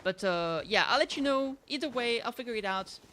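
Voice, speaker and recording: Bright-voiced woman with a slight French accent. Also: on the high side, animated, fairly quick. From France. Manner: chatty, rambling, many fillers and restarts. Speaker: streamer. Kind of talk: casual chat to stream viewers.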